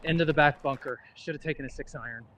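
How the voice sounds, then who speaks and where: A man's voice: fairly high pitch, quick pace, fairly bright tone, slight background noise. A man playing golf on a livestream, talking through his shots in a matter-of-fact, dry way, with casual swearing. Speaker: golfer on a livestream. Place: outdoors on a golf course.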